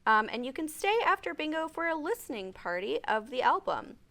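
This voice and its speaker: A woman's voice: high-pitched, very animated, brisk, pushed and bright. A woman hosting a morning show, chatting casually and reading out event listings with frequent laughter. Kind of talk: casual studio chat.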